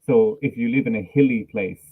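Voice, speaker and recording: A man's voice: mid-range voice, fairly quick, breathy edge, phone-quality sound. An Irish man hosting a podcast, talking in an easygoing way and asking the guest questions. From Ireland. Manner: easygoing, laughs between remarks. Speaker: podcast host. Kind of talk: casual interview chat.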